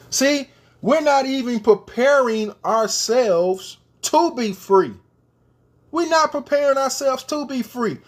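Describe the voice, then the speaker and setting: High, animated man ranting. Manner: emphatic, repeats rhetorical questions; addresses the viewers directly. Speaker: commentator. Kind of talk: opinion rant to camera.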